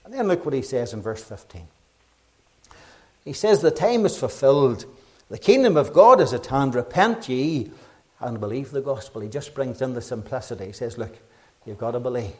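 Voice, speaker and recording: A middle-aged Northern Irish man delivers a gospel sermon with a slightly raised pitch. He presses each point with urgency, climbing loud and then sinking to a hush. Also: lively intonation, normal speed. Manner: fervent, urgent preaching with rises and quiet drops. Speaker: preacher.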